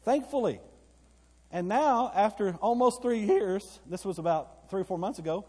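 Preaching at a moderate pace, the pastor narrates a story to his congregation and periodically erupts in excited bursts. The church sanctuary lends a long, ringing reverb to a voice that sits fairly high but sounds dark and a bit husky.

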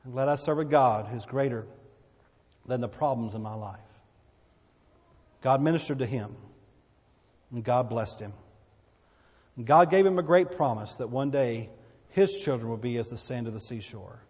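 A man's voice: mid-range voice, darkish tone, husky, long reverb tail. A man preaching a sermon in church, repeating phrases and swelling then dropping his voice. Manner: preaching with repetitions and swells of volume. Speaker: pastor.

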